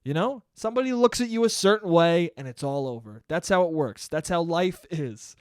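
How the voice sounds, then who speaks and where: This podcast host has a highish voice with lively intonation, a moderate pace, and a clear, resonant tone, recorded at studio quality with no room sound. The young man rambles through a casual solo monologue, swearing, interrupting himself, and laughing often.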